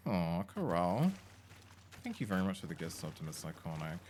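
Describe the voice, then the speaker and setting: A low-voiced British man chats loosely and swears now and then as he plays a cozy game on a live stream. There is a faint hiss of background noise behind him. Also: sing-song, normal speed, darkish tone. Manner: chatty, sweary, talks to his pet and viewers. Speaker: livestreamer. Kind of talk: casual chat while gaming.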